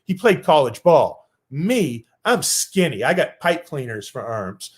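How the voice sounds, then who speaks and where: A man's voice: on the high side, very animated, a little slow, husky. A man telling a personal story on stage in a loose, casual way with lots of filler words.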